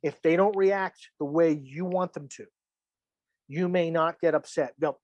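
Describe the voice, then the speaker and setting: This filmmaking teacher's voice is fairly high and a little slow. In a casual monologue he chats, jokes, and acts out the responses he envisions. No room sound comes through.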